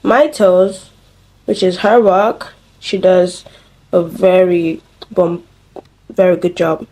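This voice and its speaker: A young woman vlogging from home to her phone, chatty and sassy with sudden high exclamations. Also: expressive, slow, pauses often, a little mellow, low-quality recording. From Nigeria. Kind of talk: casual vlog chat to camera. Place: home, indoors.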